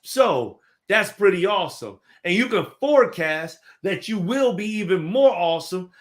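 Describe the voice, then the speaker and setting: A man's voice: high-pitched, sing-song, moderate pace. A man co-hosting a casual chat, speaking in an upbeat, motivational and playful way. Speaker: co-host.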